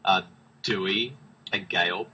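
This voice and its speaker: A man with a somewhat low but very bright, ringing voice chats casually on a podcast. He is relaxed and a little halting, often pausing on "uh" and "um" before he goes on. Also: slight background noise, rough recording. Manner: relaxed, hesitant, with filler words. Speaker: podcast co-host. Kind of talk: casual chat.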